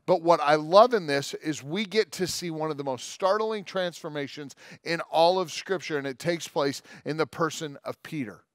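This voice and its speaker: A man preaching a sermon, his voice sitting a bit high for a man. He talks casually and jokes with quick asides, then reads scripture aloud at length. The recording is close and dry. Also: no room sound. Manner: conversational and joking, with quick asides. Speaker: pastor.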